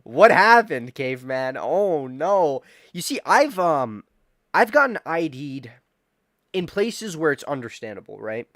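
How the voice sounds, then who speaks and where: A man's voice: fairly high pitch, sing-song, measured pace, a bit bright, no room sound, clean studio sound. A man in his twenties streaming casual chat, rambling, swearing and repeating himself as he reacts to chat. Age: 20s.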